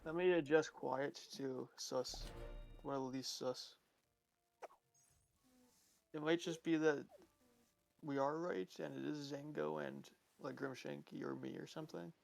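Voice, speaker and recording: Heavily gravelly man chatting over a game. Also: a little high, animated, a little slow, long pauses, soft background music. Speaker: game player. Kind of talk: casual chat while streaming a game.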